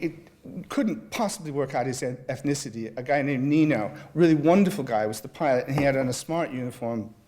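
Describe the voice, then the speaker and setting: A man's voice: mid-range voice, darkish tone, a little hiss or hum. Wry man telling a travel story. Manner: self-deprecating, wry. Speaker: guest speaker. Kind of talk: humorous storytelling and reading aloud.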